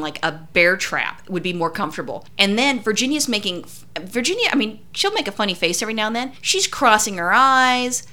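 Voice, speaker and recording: Fast, bright American woman rambling. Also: mid-range voice. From United States. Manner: rambling, swears freely, self-mocking. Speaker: podcast co-host. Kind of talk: casual storytelling chat.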